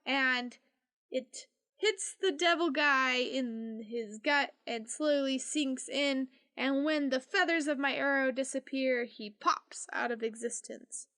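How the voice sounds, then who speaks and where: A woman playing a tabletop game reads her spell's rules aloud. Her voice is high and bright. She reads briskly. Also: no room sound, clean studio sound. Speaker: player.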